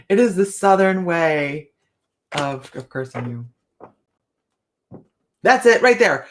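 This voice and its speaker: A woman's voice: fairly low pitch, very animated, slow pace, pauses often. A middle-aged woman hosting a casual live chat, reading cards and talking to viewers by name, laughing often. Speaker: livestream host reading tarot cards.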